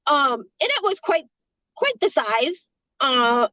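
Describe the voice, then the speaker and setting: A woman's voice: high-pitched, big pitch swings, slow pace, pushed and bright, dry recording, dull audio. A woman who works a hotel front desk, telling a story casually, rambling, swearing freely and laughing between lines.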